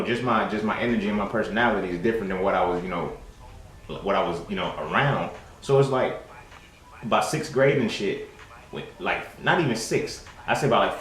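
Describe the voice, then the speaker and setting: A young man with a fairly low voice talks loosely and profanely, leaning on slang and "you know what I'm saying". The room around him is roomy and echoing. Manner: profane, streetwise slang, frequent fillers. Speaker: host. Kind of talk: casual monologue. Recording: roomy echo.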